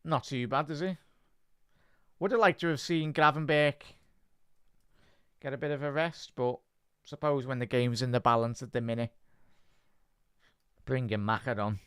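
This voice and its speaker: A man hosting a live football watch-along, giving chatty fan commentary, answering viewer chat and shouting out at big moments. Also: mid-range voice, fairly even intonation, normal speed, long pauses, smooth, no echo, studio quality.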